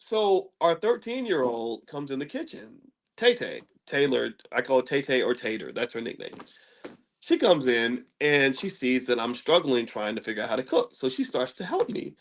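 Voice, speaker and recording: A man's voice: medium pitch, sing-song, moderate pace. A middle-aged man hosting his own channel, telling a story in a casual monologue to camera. He stammers and repeats words, and he pokes fun at himself. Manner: self-mocking and humorous. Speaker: commentator and channel host.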